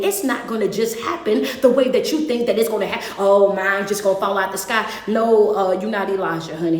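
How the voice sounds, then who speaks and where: A woman's voice: mid-range voice, a little mellow. A woman giving a live-streamed motivational sermon, speaking emphatically and calling out to her viewers by name. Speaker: motivational speaker and life coach. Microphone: phone livestream. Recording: echoey room.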